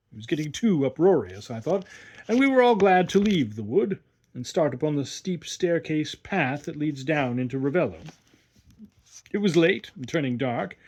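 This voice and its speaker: A man narrates a classic short story in an expressive storytelling manner. His voice is husky and sits a little high. His pitch rises and falls in lively swings. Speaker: audiobook reader. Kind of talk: scripted narration.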